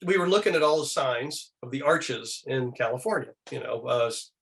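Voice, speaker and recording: A man being interviewed as a guest, telling animated anecdotes and slipping into quoted voices. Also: moderate pace, creaky. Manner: animated, acts out quoted voices with big pitch jumps. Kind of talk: lively anecdotal storytelling.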